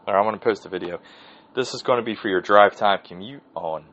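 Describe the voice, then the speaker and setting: A man's voice: fairly low pitch, fast, fairly bright tone, lo-fi sound. A man hosting his own podcast, telling a rambling, profane story in a casual solo monologue. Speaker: podcast host.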